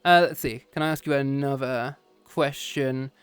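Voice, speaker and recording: A man's voice: mid-range voice, steady tone, moderate pace, clear, resonant tone, no echo, faint music behind. A man streaming a casual chat with his viewers after a history lesson, playful and teasing, often slipping into meows and growls.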